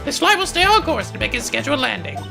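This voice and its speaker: Man putting on a prim female flight attendant, high swooping voice, formal announcer manner, game music behind. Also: sing-song, fast talker, creaky, exaggerated voice. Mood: announcing. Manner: formal, stiffly polite announcements.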